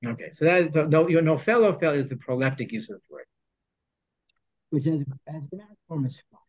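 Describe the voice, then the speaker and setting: A man's voice: on the high side, fairly quick, a little mellow. A man teaching a text study class, reading Hebrew phrases and explaining them in English with joking asides. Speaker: Torah teacher. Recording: dull lo-fi sound.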